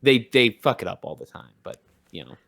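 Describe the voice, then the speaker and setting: A man's voice: medium pitch, expressive, a little fast, gravelly, fairly bright tone. A young man co-hosting a podcast, chatting casually and rambling with lots of restarts and fillers. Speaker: podcast co-host. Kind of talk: casual chat.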